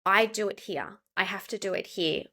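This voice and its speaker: A woman's voice: mid-range voice, normal speed, bright, forceful tone. A woman with an Australian accent, a pronunciation coach, chatting in an interview and spelling out examples. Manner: explains with spelled-out examples and laughs. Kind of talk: casual interview chat.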